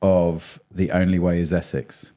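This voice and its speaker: A man's voice: low-pitched, flat delivery, unhurried, mellow. A man co-hosting a podcast in a chatty, playful, rambling way. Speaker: podcast co-host. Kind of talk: casual chat.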